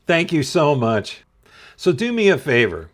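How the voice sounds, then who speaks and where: Man, middle-aged, unhurried delivery, chuckling, self-deprecating storyteller, casual vlog. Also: fairly high pitch, sing-song. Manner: slow, laughing, self-deprecating. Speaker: channel host telling a story.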